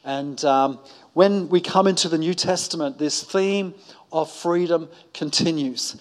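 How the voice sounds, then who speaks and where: A man's voice: on the high side, measured pace. A man preaching a sermon to a congregation, hesitant with frequent ums and restarts, breaking off for joking asides with the listeners. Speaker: pastor. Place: church service before a congregation.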